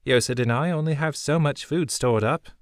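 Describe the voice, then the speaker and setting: Pitched above his natural voice and on the high side, a man lightly acts a shrewd, wry young woman smuggler with a chipper, blunt manner. He speaks at normal speed in a dry, studio-quality recording.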